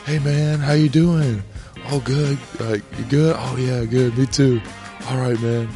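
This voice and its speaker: A football player imitating a laid-back, friendly male teammate making loud small talk. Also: mid-range voice, fairly even intonation, unhurried, soft background music, lightly acted. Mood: easygoing.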